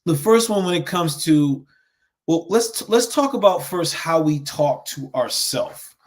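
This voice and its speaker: A man who founded a men's education group, coaching viewers in an earnest, animated live-stream talk with frequent restarts and pauses. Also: a little high. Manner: mimics harsh self-talk in sharp raised bursts.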